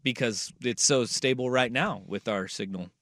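A man's voice: mid-range voice, moderate pace, a bit bright, no room sound. A man hosting a sports talk radio show, upbeat, chatty and jokey, on a studio microphone.

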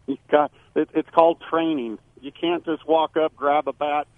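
A former ballplayer calling in as a radio guest, talking emphatically and rambling with frequent restarts. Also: male voice, fairly high pitch, fairly even intonation, normal speed, no echo. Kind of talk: sports radio call-in analysis. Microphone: phone. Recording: tinny phone line.

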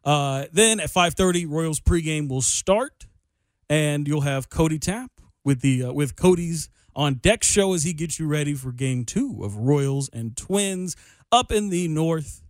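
Young guy hosting sports radio, kinda high voice, rambly and joking at himself, dry studio sound. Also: animated, unhurried, no echo. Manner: loose, rambling, self-deprecating. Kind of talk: casual sports radio talk. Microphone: studio microphone.

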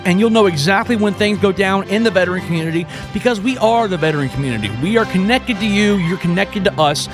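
High-voiced, joking male radio host. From Houston, Texas. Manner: energetic, joking, self-deprecating. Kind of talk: casual radio show opening.

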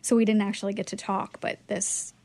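A woman guest telling a personal story in casual chat, animated and emotional, jumping up in pitch when she acts out quoted lines. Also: brisk. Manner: emotional, cries easily.

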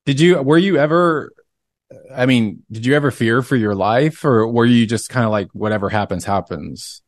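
A man's voice: medium pitch, moderate pace. A male podcast host chatting casually, reacting eagerly and asking follow-up questions. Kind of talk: casual interview chat.

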